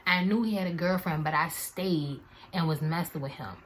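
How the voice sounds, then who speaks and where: Young woman w/ a lowish voice spilling a story on her vlog, slangy, animated, bit of faint noise behind. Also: moderate pace. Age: 20s. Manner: animated, slangy, addresses viewers as y'all. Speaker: vlogger.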